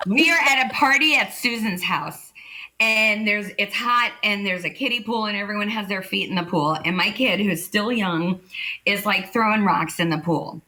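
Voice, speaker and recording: A woman improv comedian in casual chat, telling animated stories, laughing and swearing freely. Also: mid-range voice, moderate pace, poor audio.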